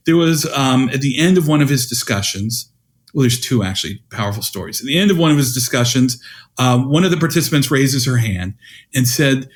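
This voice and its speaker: Man in his fifties telling stories. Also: medium pitch. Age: 50s. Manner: acts out quoted dialogue in his stories. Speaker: guest educator. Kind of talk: conversational storytelling.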